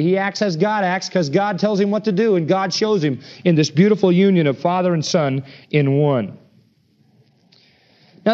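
A man preaching a sermon, emphatic and animated, acting out the quoted voices in his argument. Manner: emphatic, acts out quoted voices with rising pitch. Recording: dull lo-fi sermon recording.

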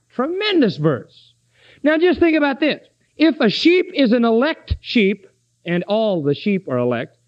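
A man preaching a sermon with emphasis, asking his listeners questions and answering them. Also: high-pitched. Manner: emphatic, asks the congregation questions. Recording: dull lo-fi recording.

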